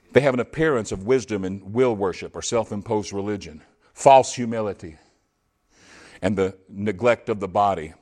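A man preaching a sermon in a church on a microphone, swinging from high, loud passages to low, quiet asides, his voice going hoarse. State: losing his voice. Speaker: pastor. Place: church sanctuary. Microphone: handheld or stage microphone.

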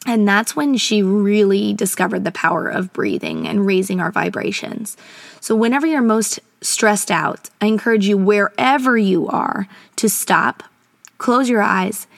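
A woman hosts her podcast in an earnest, encouraging tone. She is recorded from a small closet at home, so her voice sounds dry and close, with no room echo. Her pitch sits at an ordinary middle. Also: vocal fry. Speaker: educator and podcast host. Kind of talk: casual advice podcast.

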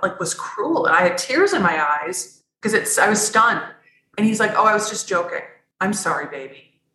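Woman, podcast guest, candid personal story, bright tense voice, echoey room, rambling restarts. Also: mid-range voice. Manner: earnest, rambling, frequent restarts.

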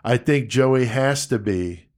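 A man hosting a podcast in casual chat, explaining things in a relaxed way with many fillers. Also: mid-range voice, slow. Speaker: podcast host.

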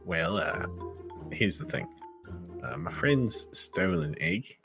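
A man's voice: low-pitched, animated, takes it slowly. A man playing a character in a tabletop game, talking in a hesitant, rambling way with many fillers, over music. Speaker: player. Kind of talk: in-character tabletop role-play.

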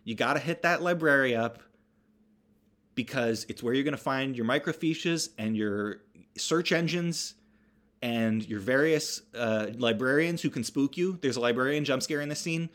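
A man's voice: medium pitch, normal speed, a bit bright. A man casually recapping a horror movie, rambling with wry asides and self-corrections.

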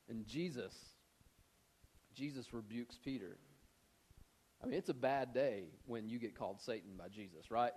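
A male pastor preaching a sermon in a conversational, animated storytelling manner, mixing in casual slang. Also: mid-range voice, normal speed, pauses often, breathy edge.

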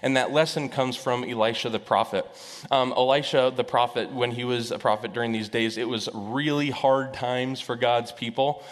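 Conversational preacher in an echoey hall. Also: male voice, medium pitch, fairly even intonation, normal speed. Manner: conversational, storytelling, with fillers. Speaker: pastor. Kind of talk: sermon.

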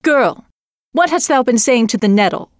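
A woman voicing a haughty, deceitful young bride in a storybook reading, pitching her voice well up with a sharp, indignant, drawn-out delivery. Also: lively intonation, no echo, studio quality, lightly acted. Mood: demanding.

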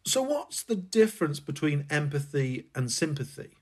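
Husky-voiced male interview host. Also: fairly high pitch, very animated. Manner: measured, formal questions. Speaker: podcast host.

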